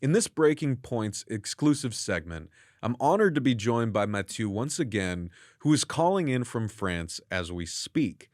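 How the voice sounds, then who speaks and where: A man's voice: medium pitch, very animated, a little slow, no room sound. A man from the United States hosting an interview from a studio, earnest and friendly, with long, winding questions.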